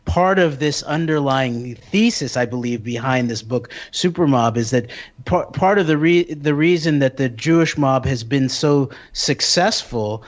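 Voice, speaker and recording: A man's voice: mid-range voice, unhurried. A man in casual political talk who speaks in long winding sentences full of fillers. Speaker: podcast co-host. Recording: dull lo-fi audio.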